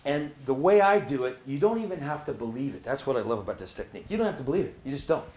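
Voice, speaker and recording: A man's voice: medium pitch, racing, roomy sound. A man giving a casual motivational talk, telling stories and acting out the voices of the people in them, with frequent "right?" asides. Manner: animated storyteller, acts out quoted voices, many "right?" asides. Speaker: motivational speaker.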